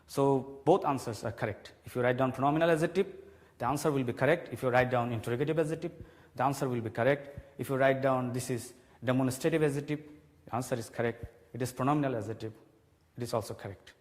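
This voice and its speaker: A man teaching a televised grammar class, explaining slowly and repeating key points. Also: medium pitch. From Bangladesh. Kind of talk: televised classroom English lesson. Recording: long hall reverb.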